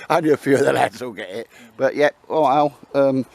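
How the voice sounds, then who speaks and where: A man's voice: medium pitch, normal speed, vocal fry. A man, chatting and bantering with mates outdoors, laughing often. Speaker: channel host. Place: outdoors in woods.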